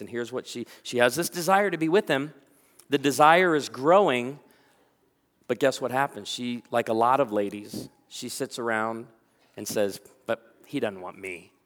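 A man preaching a sermon as a pastor, telling stories with lively energy and acting out the voices of people he quotes. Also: medium pitch, normal speed, long reverb tail.

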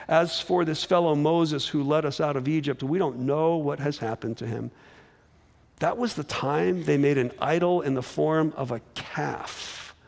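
A man preaching a sermon, retelling the story with lively restarts and humor. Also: a little high. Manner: animated storytelling with repeated restarts.

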